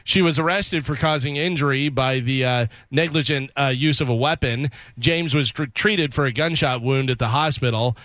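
A man's voice: medium pitch, moderate pace, hardly any pauses, fairly bright tone, no room sound. A man hosting a news segment on a morning radio show, casual and wry, mixing stories with jokes.

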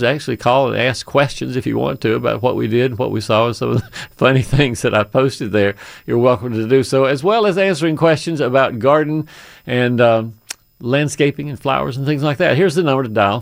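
A man's voice: mid-range voice, brisk, vocal fry, dry recording. A man hosting a gardening call-in radio show, telling travel stories in a folksy, chatty way and laughing often. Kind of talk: casual radio chat. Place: radio studio.

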